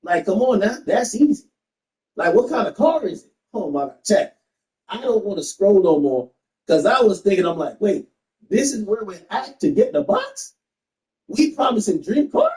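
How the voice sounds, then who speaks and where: A man streaming from home, chatting casually to his viewers as he plays. His voice sits high and swings all over the place while he laughs and reads messages aloud. The room around him sounds echoey. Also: normal speed. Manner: animated, laughing, reading messages aloud to chat.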